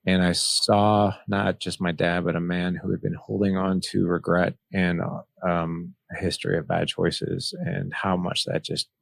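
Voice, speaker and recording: On a podcast, a male guest earnestly shares a personal story, replaying old conversations with lines like "he's like." His voice sits low and creaky, and there's no room sound.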